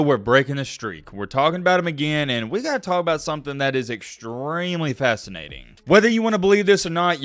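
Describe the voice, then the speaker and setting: A man rants to his viewers about a football program, leaning hard on key words and asking them questions. His voice swings up and down with constant energy and sits a little high for a man. The recording is close and dry, with no room sound. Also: no room sound. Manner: animated and emphatic, addresses viewers directly. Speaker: sports commentary YouTuber. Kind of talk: energetic solo sports commentary.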